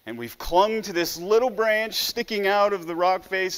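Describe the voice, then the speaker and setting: A man's voice: high-pitched, very animated, unhurried, hardly any pauses, fairly bright tone, smooth. A man preaching a sermon in an earnest way, often stumbling over the first word of a phrase. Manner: earnest, with frequent stammered restarts.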